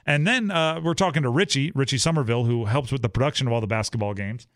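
A man's voice: medium pitch, expressive, quick pace, fairly bright tone, no room sound, clean studio sound. A young man co-hosting a sports talk show in a casual, rambling way, acting out the teammates he quotes. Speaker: sports podcast co-host.

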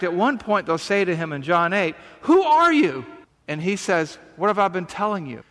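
A man's voice: fairly high pitch, a bit bright, big-room sound. A man delivering a sermon, reading scripture and then explaining it in a conversational preaching style with rhetorical questions. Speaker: pastor.

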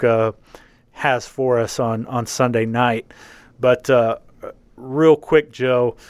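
Halting man hosting a sports podcast. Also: medium pitch, clear, resonant tone, no room sound. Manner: halting, many fillers and restarts. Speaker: podcast host. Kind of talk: casual sports podcast chat.

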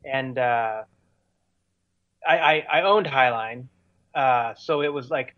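Speaking slowly in a mid-range voice, a touring musician shares casual stories as an interview guest. He rambles, using many fillers and restarting often, and the audio is dull with no echo.

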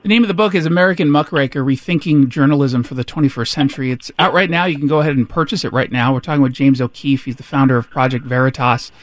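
A man's voice: medium pitch, quick pace, hardly any pauses, no room sound. A man hosting an interview, plugging a guest's book and asking long conversational questions. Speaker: host.

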